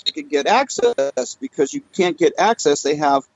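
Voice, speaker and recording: A man's voice: a little high, expressive, normal speed, dull audio, a little hiss or hum. Rambling man swapping backstage stories. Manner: rambling, loose, with frequent fillers. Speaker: guest storyteller. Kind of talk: casual podcast chat, telling anecdotes.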